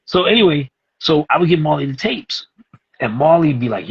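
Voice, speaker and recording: A man from East New York, Brooklyn, tells a story casually as a guest, animatedly acting out the voices of the people in it. His mid-range, husky voice moves a little fast, and the recording has its highs cut off.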